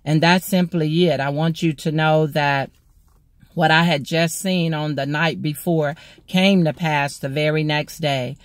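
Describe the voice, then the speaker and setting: A woman from Mississippi, a motivational speaker and ordained minister, telling a personal testimony in a slow, deliberate way. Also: deep voice, steady tone, no echo.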